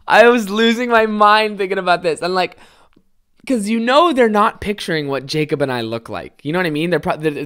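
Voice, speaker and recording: A young man with a fairly high voice hosting a casual solo podcast, rambling and swearing a lot as he tells stories. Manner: rambling, heavy swearing, animated storytelling. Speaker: podcast host.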